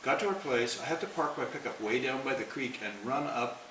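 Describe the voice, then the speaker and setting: A man with a mid-range, fairly bright voice tells a long story fairly quickly, in a rambling, folksy way, chuckling along. The home recording is roomy, distant, and noisy.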